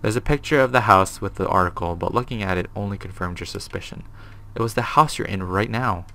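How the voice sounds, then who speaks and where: A young man hosting a gaming video speaks briskly in a lowish, creaky voice with a sharp tone. He reads a horror game's text aloud and reacts with nervous swearing.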